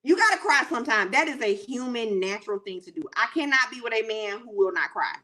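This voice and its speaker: A female co-host with a high voice that leaps around in pitch. She tells her stories sassily and emphatically, pushing her point in a casual comic debate. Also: expressive, fast talker, bright, forceful tone. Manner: sassy, emphatic storytelling.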